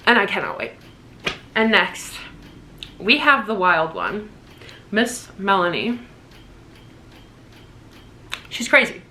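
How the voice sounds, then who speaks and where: A woman in her twenties chatting excitedly in a casual birthday haul vlog at home, gushing and swearing casually. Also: medium pitch, moderate pace, pauses often, a little hiss or hum. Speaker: vlogger.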